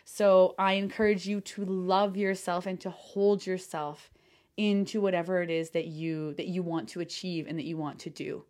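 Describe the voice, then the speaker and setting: A woman hosting a solo podcast as a coach, talking effusively with lots of fillers and casual swearing, sometimes near shouting with excitement. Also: lowish voice, normal speed.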